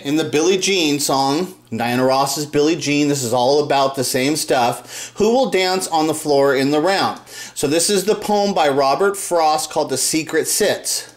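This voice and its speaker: A man ranting angrily in commentary, swearing and repeating himself, his voice rising when upset. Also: roomy sound. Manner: angry, profane, repeats himself, voice jumps high when upset. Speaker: video host.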